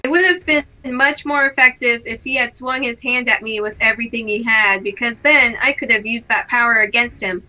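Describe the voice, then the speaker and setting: A young woman reads a story game aloud with expressive, giggly energy. Her voice is very bright and a touch high, and she talks over an online call. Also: fairly quick, hardly any pauses, soft background music, poor audio. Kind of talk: reading game text with casual chat. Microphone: online call setup.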